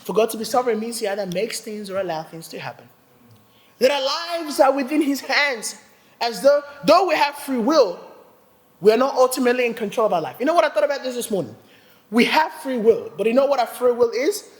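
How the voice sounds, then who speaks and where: A man's voice: extremely high pitch, brisk, long reverb tail. A man preaching a sermon, telling a personal story with humor and acting out the voices of others. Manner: animated, acts out quoted voices, laughs often. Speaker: pastor. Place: church hall.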